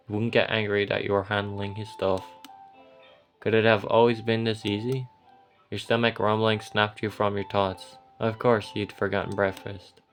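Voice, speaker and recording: A man giving soft, gentle and unhurried second-person story narration. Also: lowish voice.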